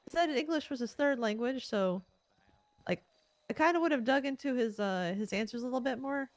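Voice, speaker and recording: Woman in a game rp doing interviews, talks fast, lots of likes and ums, kinda high voice. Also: expressive. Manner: quick, chatty, filler-heavy. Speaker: police interviewer in a roleplay server. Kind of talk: casual game roleplay chat.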